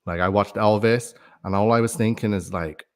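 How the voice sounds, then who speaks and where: A man with a fairly low voice talks loosely on a livestream. He rambles in a conspiratorial tone and breaks off to read viewer comments aloud. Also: steady tone, normal speed. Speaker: livestream host. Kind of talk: casual livestream talk.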